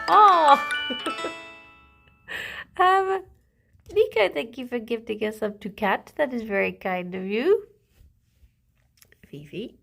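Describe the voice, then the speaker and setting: A young woman chats unhurriedly to her stream, her voice slipping into a gravelly fry at the ends of phrases. Her pitch rises and falls a good deal as she giggles and coos at her rabbits between thoughts. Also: a bit bright. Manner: chatty and giggly, talking to her pet rabbits. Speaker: livestreamer. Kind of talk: casual chat to a live audience. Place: home, with pet rabbits.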